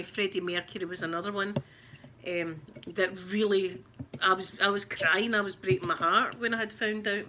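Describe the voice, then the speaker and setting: Bright-voiced Glaswegian woman chatting. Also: mid-range voice, slight background noise. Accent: Glaswegian Scottish. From Glasgow, Scotland. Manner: chatty, rambling, giggly storyteller. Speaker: ASMR channel host. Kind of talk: casual chat while unboxing makeup.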